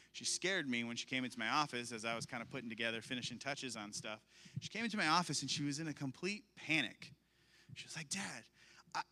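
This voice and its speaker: A man in his thirties preaching a sermon, telling stories and acting out the voices of the people in them. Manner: animated, storytelling, acts out voices with big pitch swings. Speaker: pastor.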